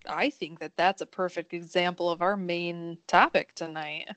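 A woman's voice: on the low side, steady tone, moderate pace, a bit bright, no echo, highs cut off. A woman co-hosting a podcast in casual chat, mostly giving brief reactions. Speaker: podcast co-host.

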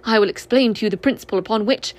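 A woman's voice: medium pitch, fast talker, lightly acted. A woman voicing a pompous, learned old male owl in a storybook reading, with a lecturing manner.

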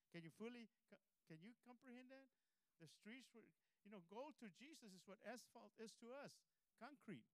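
High-voiced preaching pastor, clear and dry. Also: male voice, no room sound, low-quality recording. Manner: exhorting, conversational, breaks into soft laughs. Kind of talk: sermon. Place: church service.

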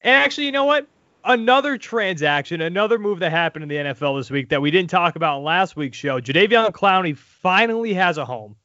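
A man hosting a casual sports podcast, talking in an animated, crude way with laughing asides. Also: high voice, brisk, dry recording. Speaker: podcast host. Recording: dull lo-fi audio.

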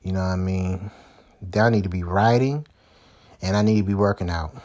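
A man hosts his own solo podcast, talking loosely and rambling with plenty of fillers like "you know" and "man". His low voice is brisk and a little mellow, and the recording sounds muffled.

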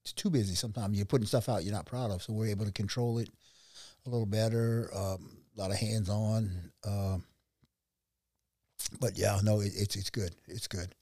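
A man's voice: lowish voice, moderate pace, dry recording, clean studio sound. Middle-aged man telling a story. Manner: animated, acts out quoted dialogue. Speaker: restaurant owner. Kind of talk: conversational storytelling.

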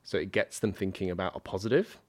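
A man's voice: sits low, quick pace, a little mellow, no echo. A man speaking as a panel guest in a business discussion, enthusiastic and emphatic, with frequent ums and restarts.

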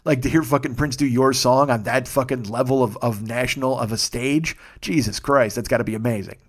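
A man from the Chicago area hosts his own podcast and talks through a long story in a loose, unscripted way. His pitch sits in the middle range and his speech is full of swearing. When the story heats up he gets louder and more animated. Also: fairly quick. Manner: profane, animated, swells loud when excited. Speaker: podcast host. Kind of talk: casual storytelling monologue.

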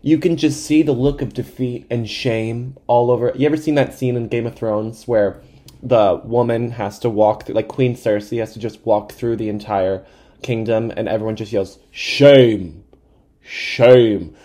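Podcast host in his twenties, animated comic storyteller with a mellow voice, mocks himself and swears freely. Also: mid-range voice, moderate pace. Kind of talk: comedic storytelling monologue.

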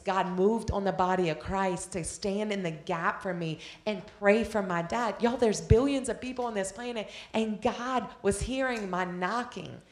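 A woman's voice: medium pitch, reverberant. A woman preaching a sermon, telling a personal story with passion and drawing out her phrases. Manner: impassioned storytelling, drawn-out phrases.

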